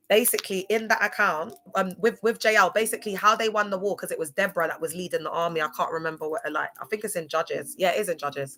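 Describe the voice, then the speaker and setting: A woman's voice: lowish voice, pushed and bright. A young woman chatting casually to viewers on a livestream, laughing often. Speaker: livestream host.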